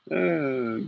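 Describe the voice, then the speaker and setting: A man's voice: a little high, gravelly, narrow, tinny audio. A man hosting a late-night livestream, rambling and joking with viewers, chuckling often and getting sleepy. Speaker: livestream host.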